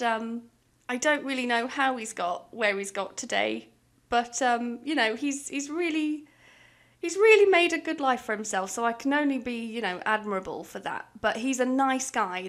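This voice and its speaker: A woman's voice: fairly high pitch, fairly bright tone. A young English woman chatting casually and rambling as she vlogs over a game build, swearing and laughing now and then. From England. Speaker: gaming vlogger.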